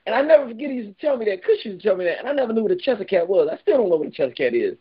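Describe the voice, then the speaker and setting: A man hosting a heated call-in radio show, talking loudly and emphatically, close to yelling. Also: sits high, big pitch swings, racing, breathy edge, dull audio. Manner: loud, emphatic, near yelling.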